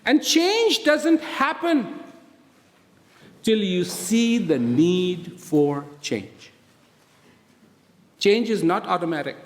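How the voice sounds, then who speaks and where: A man giving a motivational talk to prison inmates, speaking slowly and deliberately and asking many rhetorical questions. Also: sits high, sing-song. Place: prison hall. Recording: reverberant hall.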